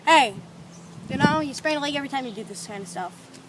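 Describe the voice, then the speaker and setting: A young woman giving deadpan, mock-serious answers in an improvised spoof documentary, recorded outdoors. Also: high voice, brisk, very noisy. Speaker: interviewee playing several mock experts.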